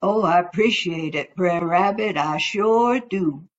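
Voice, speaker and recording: A woman's voice: fairly low pitch, takes it slowly, pitched below the performer's own voice. A woman voicing a hapless, greedy male raccoon with a whiny folksy drawl, on a dull lo-fi recording. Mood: grateful.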